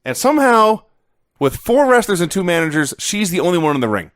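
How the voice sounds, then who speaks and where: A man's voice: sits high, big pitch swings, a little fast, a bit bright, dry recording. A man co-hosting a podcast, recapping old wrestling matches play by play in casual chat with a dry, matter-of-fact delivery. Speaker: podcast co-host.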